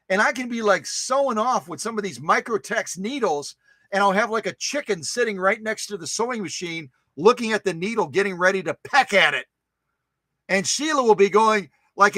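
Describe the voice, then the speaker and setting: Animated, bright-voiced Midwestern man. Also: high voice, no echo. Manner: animated, exclaiming and joking with viewers. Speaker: host of a sewing machine live stream. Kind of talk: casual live stream chat.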